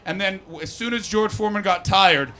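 Stand-up comic, man, bright, slightly high, teasing the crowd, profane. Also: brisk, soft background music. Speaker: stand-up comedian. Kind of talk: stand-up comedy set. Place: comedy stage before a live audience.

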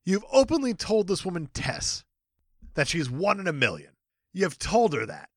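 Excitable man riffing on a movie. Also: sits high, moderate pace, dry recording, studio quality. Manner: enthusiastic, riffs with playful impressions. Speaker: podcast co-host. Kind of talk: casual movie recap chat.

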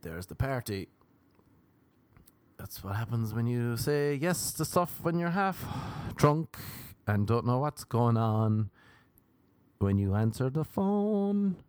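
A man's voice: mid-range voice, sing-song, slow pace, long pauses, a little mellow, smooth, no echo. A young Irish man hosting a podcast, telling crude, rambling stories in a casual monologue. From Ireland. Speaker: podcast host.

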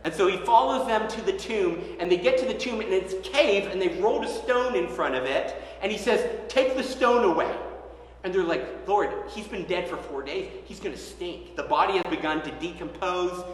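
A man preaching a sermon, retelling the story in a lively, conversational way and acting out the characters' lines. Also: sits high, moderate pace, a little hiss or hum. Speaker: pastor. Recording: echoey hall.

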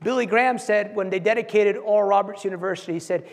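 A man preaching a sermon, telling stories and acting out quotes with animated delivery, often repeating words as he goes. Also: sits high, fast, gravelly, few pauses. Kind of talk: sermon storytelling. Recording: long hall reverb.

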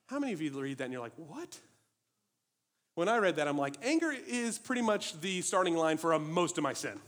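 A man preaching a sermon in an animated, emphatic way, asking many rhetorical questions. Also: a little high, fast.

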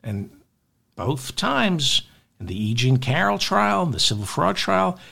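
A man delivering political news commentary, emphatic and animated, repeating points for effect and acting out quotes in altered voices. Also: on the high side, slow, vocal fry.

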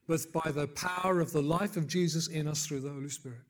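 Older male preacher, slightly high voice, swings from hushed asides to loud emphatic peaks, chatty and wry. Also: fairly even intonation, a little fast, few pauses. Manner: builds to loud emphatic peaks, then drops low and soft; conversational asides and gentle humor. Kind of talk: sermon.

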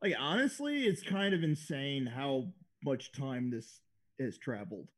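A man's voice: medium pitch, expressive, a little slow. A man co-hosting a casual podcast, rambling and explaining with lots of "like" fillers. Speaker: podcast co-host. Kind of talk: casual chat.

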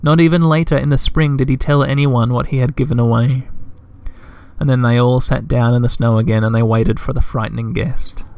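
A man reading a children's storybook aloud in a gentle, measured way. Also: mid-range voice, steady tone, clean tone, dry recording. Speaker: narrator.

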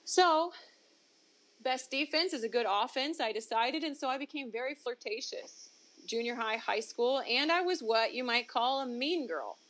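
Her voice sits high and is a bit bright, with lively intonation at a normal speed. As a ministry founder being interviewed, she candidly recounts her personal testimony, rising sharply for emphasis and dissolving into laughs between points.

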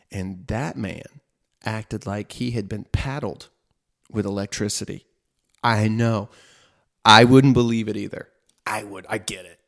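A man's voice: fairly low pitch, moderate pace, vocal fry. A young man casually telling a personal faith story, chatty and self-mocking, filling his talk with "like" and "right?". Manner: chatty, with frequent "like" and "right?", laughing at himself. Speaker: storyteller sharing a faith testimony.

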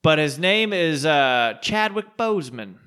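A man with a bright, somewhat raised voice joins a loose sports podcast. He delivers dry jokes with hesitant "uh"s between his words. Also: a little high, sing-song, unhurried, clear, resonant tone. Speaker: podcast co-host. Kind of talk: casual sports chat.

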